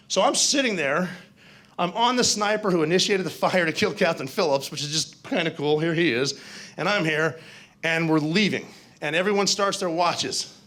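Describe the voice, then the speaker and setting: Guy on stage telling a story, kinda high voice, animated, chatty asides. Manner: animated, conversational, with asides and laughs. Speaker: keynote speaker. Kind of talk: storytelling speech.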